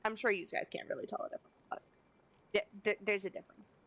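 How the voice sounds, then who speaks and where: A woman's voice: medium pitch, level tone, fast talker, fairly bright tone, rough recording. A woman live-streaming a game from a home setup, chatting casually with playful, self-deprecating asides.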